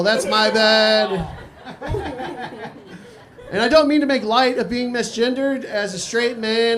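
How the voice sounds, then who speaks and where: Texan man doing dry stand-up. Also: high-pitched. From Texas. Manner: dry, conversational delivery with crude asides. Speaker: stand-up comedian. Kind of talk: live stand-up set. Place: small cafe stage with live audience.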